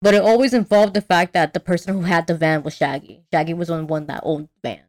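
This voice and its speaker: A young woman talks loosely in casual podcast chat, her voice sitting a little low. She rambles, piling on fillers and restarting her sentences as she goes. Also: steady tone, fast talker. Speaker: podcast co-host.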